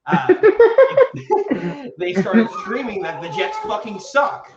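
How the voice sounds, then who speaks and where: A man co-hosts a casual sports podcast, telling his stories with loud excitement and plenty of swearing. His voice sits a little high, and the room around him rings with echo. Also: very slow, dull audio, a crowd in the background. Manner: excitable, swears freely, animated storytelling. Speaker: podcast co-host.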